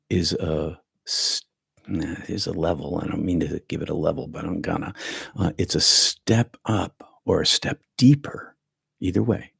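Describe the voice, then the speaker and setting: A man's voice: low-pitched, creaky, breathy edge, no room sound. A male meditation teacher leading an online breathwork session over a video call, rambling and correcting himself as he goes.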